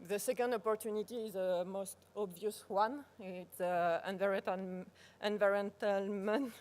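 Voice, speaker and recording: A woman with a French accent, a native French speaker, giving a live workshop presentation, pausing often to search for words and restarting phrases. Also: mid-range voice, fairly even intonation, darkish tone. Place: conference workshop room.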